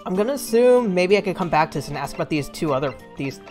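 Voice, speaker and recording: A woman's voice: on the low side, lively intonation, fast talker, a little mellow, faint music behind. A young adult woman streaming a game, rambling in a giggly, self-deprecating way between lines. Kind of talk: casual let's play commentary.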